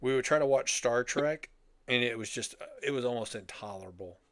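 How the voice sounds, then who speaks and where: A man's voice: medium pitch, brisk, fairly bright tone, dry recording. Older man with a dry, close sound. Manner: rambling storyteller, wry, laughs often. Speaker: podcast co-host. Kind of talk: casual chat.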